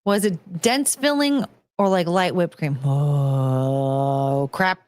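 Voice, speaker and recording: A woman's voice: mid-range voice, lively intonation, unhurried. An American woman hosting a casual livestream, ranting loosely and swearing as she talks to her chat. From United States. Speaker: streamer host.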